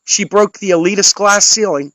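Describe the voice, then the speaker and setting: A man's voice: high-pitched, moderate pace, a bit bright, no room sound, low-quality recording. Fiery, scolding man on a dry mic. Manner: angry, sarcastic and scolding. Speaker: political commentator. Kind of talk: impassioned political rant.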